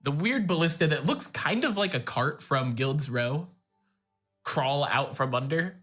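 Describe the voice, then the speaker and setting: A man's voice: on the high side, animated, a little slow, fairly bright tone, faint music behind. A man playing in a tabletop game who talks casually and hesitates while he looks things up. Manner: hesitant, searching. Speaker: player.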